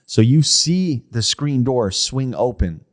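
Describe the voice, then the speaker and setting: A young man casually telling a ghost story on a podcast, animated, often asking "right?" and acting out what people said. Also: mid-range voice, slow pace. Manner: animated storyteller, acts out quoted voices, frequent "like" and "right?". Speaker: podcast co-host.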